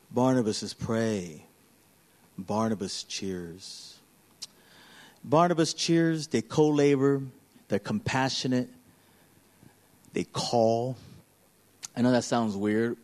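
A man, a pastor, preaching an animated sermon that swings from loud, emphatic passages to hushed, quiet ones. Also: medium pitch.

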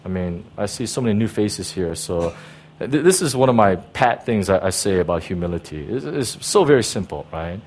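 A man's voice: sits low, animated, moderate pace, a little mellow, slight background noise. A pastor preaching a sermon in an emphatic way, repeating key words and often checking in with his listeners.

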